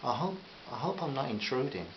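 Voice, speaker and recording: A thoughtful young woman with a Liverpool accent, earnest and musing, as a male reader puts her on. The voice keeps a gravelly edge. The recording is slightly dull with a faint hiss. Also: medium pitch, big pitch swings, fairly quick, pitched above the performer's own voice.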